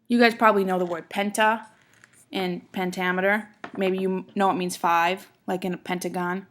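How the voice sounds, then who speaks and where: A woman teaching a class in a lightly gravelly voice. She explains patiently, one step at a time, and checks that her listeners follow. When she reads verse aloud, she leans hard on the stressed beats. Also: on the low side, a bit bright. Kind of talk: classroom lecture on poetry.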